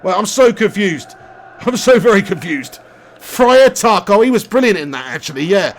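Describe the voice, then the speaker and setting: A man's voice: sits high, big pitch swings, moderate pace. Chatty man streaming a game. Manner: chatty, laughs often, reads out chat messages. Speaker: gaming streamer. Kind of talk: casual live-stream commentary.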